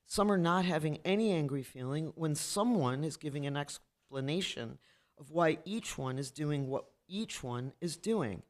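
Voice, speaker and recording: A man reading literary prose aloud at a public marathon reading, in a steady, even way. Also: on the high side. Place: art space in New York.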